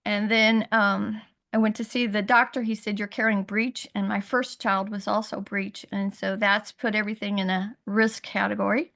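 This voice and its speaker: A middle-aged woman on a video call, earnestly telling a hard personal story, halting and rising in pitch when upset. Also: little pitch movement, vocal fry, a bit bright. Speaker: guest sharing her story. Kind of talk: emotional personal testimony.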